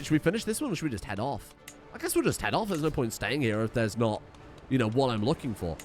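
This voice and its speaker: Male gaming host, animated chatty commentary, faint game music behind. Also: mid-range voice. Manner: chatty, thinking aloud, reads game text.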